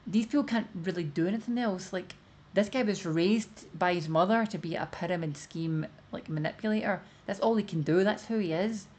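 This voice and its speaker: A woman's voice: lowish voice, fairly quick, a little mellow. A woman streamer giving casual commentary, rambling with lots of "like" as she explains her view. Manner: rambling, many fillers of "like".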